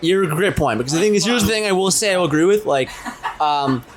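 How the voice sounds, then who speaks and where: A man's voice: sits high, expressive, quick pace. A man in his twenties co-hosting a casual podcast, talking animatedly, swearing and acting out his own pickup lines. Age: 20s. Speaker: podcast co-host.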